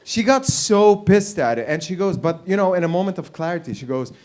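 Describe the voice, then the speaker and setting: A man's voice: high voice, sing-song, a little fast, a little mellow. A man hosting an open mic night, doing a loose, rambling bit, with restarts along the way and laughter at his own jokes. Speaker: host. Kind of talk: stand-up comedy and hosting. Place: small comedy venue with audience.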